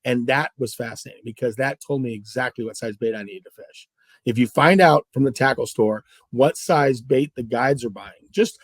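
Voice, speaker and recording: Speaking at medium pitch and a moderate pace, a middle-aged guest angler from Southern California tells fishing stories during a casual interview. He's animated, acting out the dialogue, and the studio-quality recording has no room sound.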